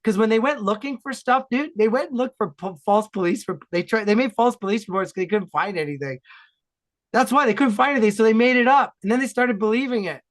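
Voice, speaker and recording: A man from Ontario, Canada, talking enthusiastically and loudly as a guest in a casual podcast chat. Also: high voice, fast talker. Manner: enthusiastic, animated, loud talker.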